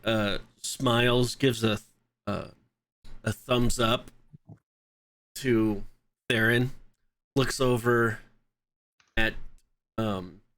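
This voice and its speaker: Casting: a slow-talking male player, halting, dry close sound. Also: medium pitch, fairly even intonation, a bit bright, no room sound. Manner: halting, many fillers. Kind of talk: describing his character's actions at a tabletop game.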